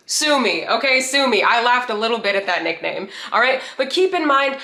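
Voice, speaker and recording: A woman's voice: on the high side, animated, normal speed, creaky, sharp tone, echoey room. A woman from the United States hosting a reaction commentary, speaking in a sarcastic, candid way. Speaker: host.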